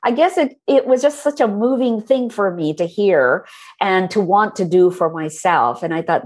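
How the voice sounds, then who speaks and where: A woman author being interviewed, who tells her stories in a warm, animated way. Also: medium pitch, moderate pace. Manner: warm, storytelling, animated when recalling moments. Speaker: author and guest. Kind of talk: conversational interview.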